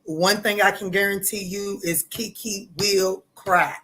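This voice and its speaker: Woman, tarot reader livestream host, middle pitch, loud, profane, casual chat. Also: steady tone, slow pace, a little hiss or hum. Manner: loud, bold and profane, laughing often, with sudden jumps in pitch.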